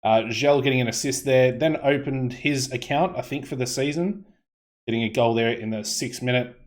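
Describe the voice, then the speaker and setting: A man's voice: mid-range voice, normal speed. A man with an Australian accent casually commentating his football management game, rambling with many fillers and restarts.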